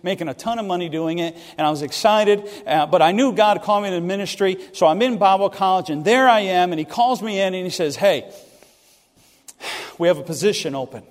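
Middle-aged man, pastor, high voice, animated sermon stories, long reverb. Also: fast talker, few pauses. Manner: animated, self-deprecating, acts out other people's lines. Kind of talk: sermon storytelling. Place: church sanctuary. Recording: long reverb of a church hall.

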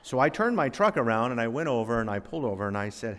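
A man's voice: mid-range voice, big pitch swings, fast talker, a bit bright. A man from Florida preaching a sermon in a church, telling a personal story in a folksy, conversational way and speaking directly to the congregation. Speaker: pastor. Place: church sanctuary. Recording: long reverb of a church hall.

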